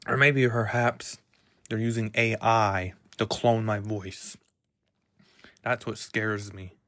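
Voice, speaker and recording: A man's voice: on the low side, steady tone, slow, a bit bright, no room sound, clean studio sound. A man hosting a solo podcast who rambles and muses aloud, often putting himself down. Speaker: podcast host.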